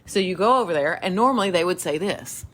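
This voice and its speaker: A woman with a Southern US accent, co-hosting a podcast and telling stories in casual chat, animated, laughing often and acting out quoted voices. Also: on the low side, brisk. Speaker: podcast co-host.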